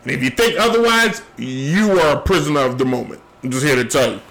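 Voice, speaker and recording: A man's voice: medium pitch, brisk, a bit bright, poor audio. A man hosting his own sports show, giving emphatic, rambling opinions and repeating his key phrases, with a voice worn from a long day. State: losing his voice, tired. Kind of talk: opinionated solo sports commentary.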